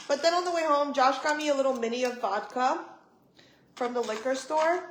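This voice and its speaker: A young woman vlogger telling a story to her live chat in a casual, animated way, swearing and acting out what people said. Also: sits high, normal speed, reverberant, a little hiss or hum, poor audio. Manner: animated, swearing, acts out quoted voices. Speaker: vlogger on a livestream.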